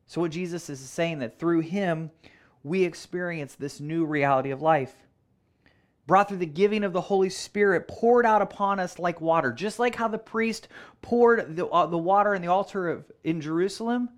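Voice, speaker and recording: A male pastor delivers a sermon in a voice that sits a little high for a man. He speaks earnestly, repeating phrases for emphasis and slowing down to stress the words that matter.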